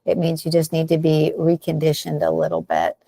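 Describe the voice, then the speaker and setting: A woman respiratory therapist on a health podcast talks in an upbeat, emphatic coaching way. Her voice sits a bit low with a gravelly edge. The recording is dry and close. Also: sing-song, fairly quick, mellow, dry recording. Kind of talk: casual health podcast chat.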